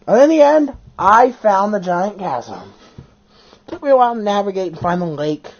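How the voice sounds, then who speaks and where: Host for a casual fan chat video: lively, sweeping voice, excitable and profane, on a dull lo-fi recording. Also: mid-range voice, normal speed. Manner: animated, excitable storytelling with frequent swearing.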